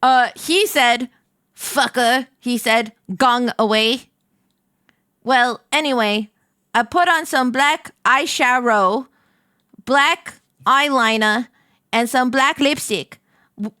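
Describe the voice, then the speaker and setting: A woman streamer reading fan fiction aloud in a deadpan comedic voice that keeps breaking into laughter. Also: high-pitched, clean tone, dry recording, studio quality. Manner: reads deadpan, then breaks into shrieking laughter.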